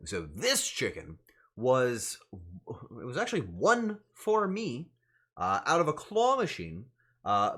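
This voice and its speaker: A man's voice: mid-range voice, wildly swooping pitch, normal speed, a bit bright. A young adult man chatting casually on a livestream, joking in mock outrage and swearing freely. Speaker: streamer.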